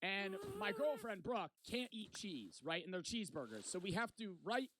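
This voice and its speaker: A man's voice: high voice, very animated, normal speed, fairly bright tone. A young man telling a rowdy travel story in casual, profane storytime style. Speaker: vlogger. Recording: noticeable background noise.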